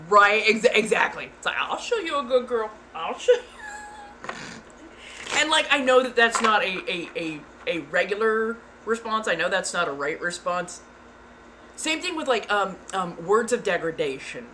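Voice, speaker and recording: A woman's voice: mid-range voice, expressive, moderate pace, bright, forceful tone, slight background noise. A woman streamer chatting casually, frank and giggly, sometimes putting on playful voices. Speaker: ASMR streamer. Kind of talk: casual chat.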